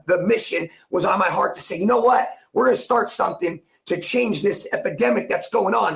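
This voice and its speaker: A man's voice: high-pitched, gravelly, fairly bright tone. A man in his forties from New Jersey, a coach telling an emotional personal story as a podcast guest, intense and repetitive, acting out the lines he quotes. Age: 40s.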